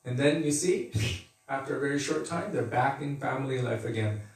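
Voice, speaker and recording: A man leads a devotional scripture class in a loose, conversational way, often laughing and acting out the people he quotes. His voice sits at a medium pitch and comes from well away from the mic, washed in heavy room echo. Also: a little fast. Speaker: spiritual teacher giving a class. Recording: echoey room, mic far off.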